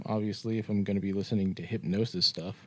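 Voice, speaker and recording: A man's voice: on the low side, steady tone, fast talker, a bit bright. A man co-hosting a casual podcast chat, laid-back and blunt, with casual swearing. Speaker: podcast co-host.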